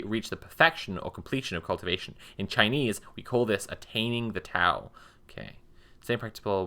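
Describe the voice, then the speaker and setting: A woman streams her reactions in a low but bright voice. She talks with profane animation and bursts into frequent laughter. Her tone swings widely as she speaks. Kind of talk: live-stream reaction commentary.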